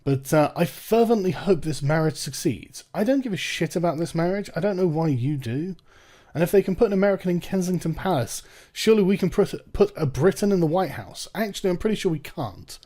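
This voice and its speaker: A man's voice: high-pitched, expressive, brisk, mellow. A young English man giving casual, sarcastic commentary on an article he reads out, swearing and laughing now and then. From England. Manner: sarcastic, swearing, breaks into mocking put-on voices and laughs. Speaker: commentary channel host.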